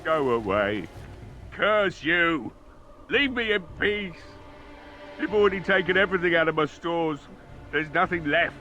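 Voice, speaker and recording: A gruff, hostile shopkeeper. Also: male voice, fairly high pitch, lively intonation, moderate pace, long pauses, pushed and bright, muffled recording, soft background music. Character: surly middle-aged male shopkeeper guarding his looted store. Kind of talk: video game voice acting.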